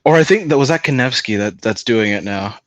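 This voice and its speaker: A man's voice: mid-range voice, animated, fairly quick, fairly bright tone, dry recording. A man chatting casually on a stream, rambling, swearing a lot and laughing often. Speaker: stream host. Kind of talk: casual chat.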